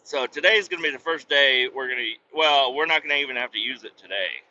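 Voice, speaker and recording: A man's voice: mid-range voice, quick pace, bright, forceful tone. A man telling a long work story in a casual monologue. He talks bluntly, swears freely and often restarts his sentences. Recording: dull lo-fi sound with faint vehicle hum.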